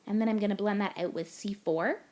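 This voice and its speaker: A woman's voice: medium pitch, fairly even intonation, a little fast, a little mellow. A young woman from Canada, gushing and chatty as she talks through a card-making tutorial voice-over step by step.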